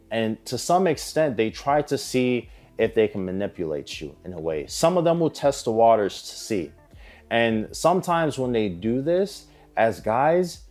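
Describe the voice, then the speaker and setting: A man's voice: mid-range voice, a little mellow. A man giving dating advice straight to camera in a blunt, emphatic way, swearing freely. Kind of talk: direct-to-camera advice monologue.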